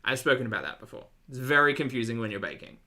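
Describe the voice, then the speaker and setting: A bright, forward voice with an Australian accent, talking casually to a live chat. The talk rambles through asides and stays keen. The pitch sits in the middle. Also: lively intonation, quick pace. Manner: chatty, rambling asides, enthusiastic. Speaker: reaction streamer.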